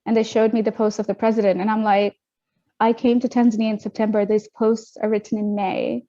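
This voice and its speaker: A young adult woman recounts her story as an interview guest, fast and animated, slipping into the voices of the people she quotes. Her tone is dark and mellow. The audio sounds muffled and lo-fi. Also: mid-range voice. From Australia. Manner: animated, quick retelling with acted-out quotes. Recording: dull lo-fi audio.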